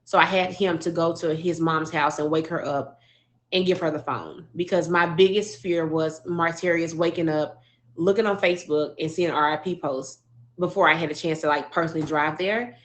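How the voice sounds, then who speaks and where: Woman telling her grief story, halting. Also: low-pitched, steady tone. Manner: halting, emotional, many restarts and fillers. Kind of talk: personal storytelling.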